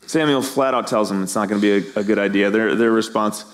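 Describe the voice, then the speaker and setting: A middle-aged male pastor preaching a sermon, animated, acting out the voices of people in the story. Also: lowish voice, fast, few pauses.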